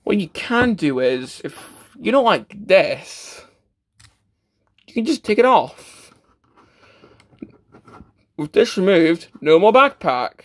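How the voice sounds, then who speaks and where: A man's voice: high-pitched, big pitch swings, slow pace, long pauses, fairly bright tone. A man casually reviewing a toy, stammering often and filling gaps with "uh" and restarts. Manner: stammering, with many fillers and restarts; self-deprecating, matter-of-fact.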